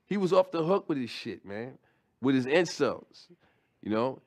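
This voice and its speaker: A man's voice: fairly high pitch, big pitch swings, normal speed, darkish tone. A middle-aged man doing stand-up, telling a story in a loose, conversational way with slang and restarts. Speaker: stand-up comedian.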